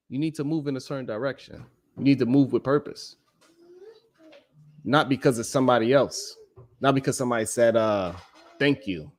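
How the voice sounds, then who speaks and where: Hosting his live stream, this man speaks at medium pitch with a slightly bright tone. His casual monologue is emphatic, blunt and full of profanity, punctuated again and again by "you know what I'm saying."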